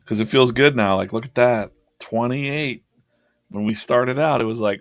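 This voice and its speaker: A man's voice: mid-range voice, moderate pace, no room sound. A man hosting a drawing livestream, chatting casually and laughing as he rambles through his past sketches.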